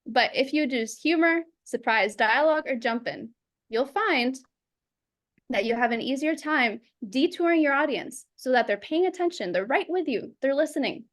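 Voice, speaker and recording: A woman teaching public speaking over a video call, lively and acting out examples in quoted voices. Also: high voice, normal speed. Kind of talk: instructional talk.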